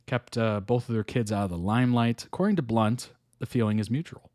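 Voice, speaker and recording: A man's voice: mid-range voice, fairly quick, a little mellow, no room sound, clean studio sound. A man hosting a reaction video, reading an article aloud and musing over it casually between chuckles.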